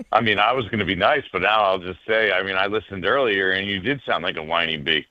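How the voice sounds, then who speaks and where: A man's voice: low-pitched, a little fast, bright, forceful tone, dry recording. A man speaking as a sports reporter guest on a radio show, joking and hesitant with lots of fillers, over a remote line. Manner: hesitant, ribbing, filler-heavy. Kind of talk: casual radio interview. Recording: dull dry remote line.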